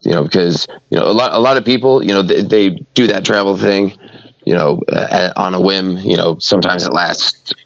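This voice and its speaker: A man's voice: low-pitched, normal speed, gravelly, dry recording, lo-fi sound. A podcast guest, a man, rambling in casual chat with many filler words.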